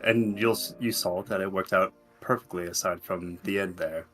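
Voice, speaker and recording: A man's voice: low voice, fairly even intonation, moderate pace, a bit bright, faint music behind. A man playing a tabletop game, speaking in a dry, formal way in character. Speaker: player.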